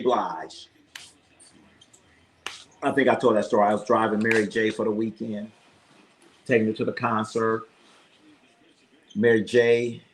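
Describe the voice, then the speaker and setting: A man hosting a sports livestream, telling rambling stories in a casual chat style, repeating phrases and quizzing his chat. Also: mid-range voice.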